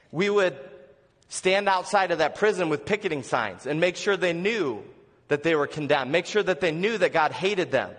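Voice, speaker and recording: An earnest male pastor preaches to his congregation in a slightly high voice, often asking them questions and dropping to soft, low lines. His sermon carries the long reverb of a church sanctuary.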